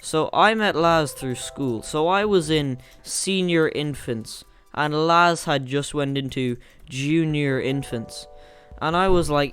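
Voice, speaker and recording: A man's voice: a little high, takes it slowly, a bit bright, clear, resonant tone, faint music behind. A man with an Irish accent hosting a casual storytime chat, rambling and laughing at his own jokes. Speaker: channel host.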